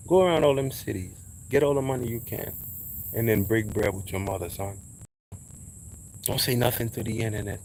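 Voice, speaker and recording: A man's voice: normal speed, long pauses, a little mellow, slight background noise, rough recording. Emphatic New man preaching outdoors. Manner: preachy, emphatic, drops to low asides. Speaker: vlogger giving advice. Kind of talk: casual spoken monologue.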